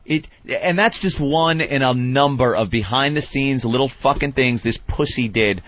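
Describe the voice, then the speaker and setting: A man co-hosting talk radio, mid-range in pitch, ranting through a story with plenty of swearing and sarcasm. The sound is dull and lo-fi, like an old radio recording. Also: moderate pace. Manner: heated, profane, sarcastic. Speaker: radio show co-host.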